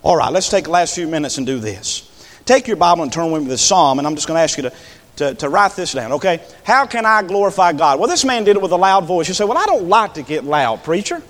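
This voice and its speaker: Fiery preacher in a reverberant church. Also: male voice, animated, fast. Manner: impassioned, swings from low talk to high shouts. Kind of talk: sermon. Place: church sanctuary.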